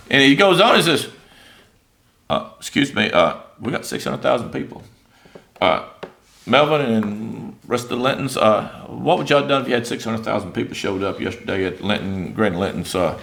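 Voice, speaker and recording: Animated preacher, bright voice. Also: male voice, mid-range voice, moderate pace, gravelly. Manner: conversational, acts out biblical voices, many fillers. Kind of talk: informal sermon. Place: church.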